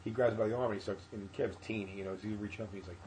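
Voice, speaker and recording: A man's voice: fairly low pitch, racing, slight background noise, low-quality recording. A male comedian telling a profane story on a podcast, acting out the people in it. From Philadelphia area. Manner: animated, profane anecdote with acted-out quotes. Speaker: comedian guest.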